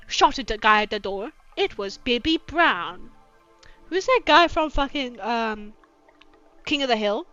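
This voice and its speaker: A woman's voice: fairly high pitch, animated, takes it slowly, long pauses, sharp tone. A woman host reading fanfiction aloud with sarcastic, profane commentary and mocking asides. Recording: dull lo-fi with faint music.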